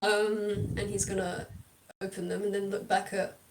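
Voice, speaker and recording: A woman's voice: mid-range voice, little pitch movement, moderate pace, slight background noise. Chatty woman game master, distant mic. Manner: chatty, laughs and digresses. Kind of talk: narrating a tabletop game.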